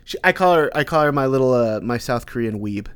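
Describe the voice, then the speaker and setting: A man's voice: mid-range voice, brisk, clear, resonant tone, no room sound. A young man, co-hosting a podcast in casual chat, telling stories animatedly and acting out quotes. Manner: animated storyteller, acts out quotes. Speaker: podcast co-host.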